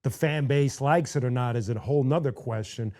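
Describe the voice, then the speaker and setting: A man's voice: mid-range voice, a little fast, warm tone. A man hosting an interview show, asking questions casually with eager, affirming interjections. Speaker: podcast host.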